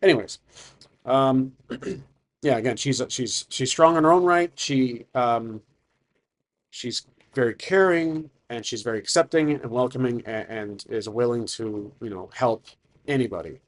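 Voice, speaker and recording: A man narrating his own solo tabletop campaign at a mid-range pitch. He talks casually and thinks aloud, musing over names and details as he goes. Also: measured pace. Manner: rambling, thinks aloud with fillers. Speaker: solo game master and narrator.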